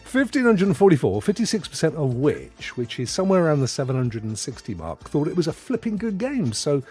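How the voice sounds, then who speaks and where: A man's voice: brisk, soft background music. A British man co-hosting a casual gaming podcast, rambling and jokey. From United Kingdom. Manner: rambling, jokey, very lively pitch. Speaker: podcast co-host.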